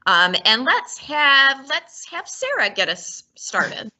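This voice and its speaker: A woman's voice: sits high, very animated, takes it slowly, bright, forceful tone, a little hiss or hum. A woman hosting a librarians' discussion, upbeat and guiding the talk. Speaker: host.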